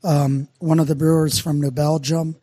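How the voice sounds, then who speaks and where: Man from Minnesota, middle-aged, somewhat high pitch, dry close sound, rambling casual podcast talk. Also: flat delivery, normal speed, mellow, no echo. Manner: rambling, self-deprecating storyteller with many fillers. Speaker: brewer and podcast guest.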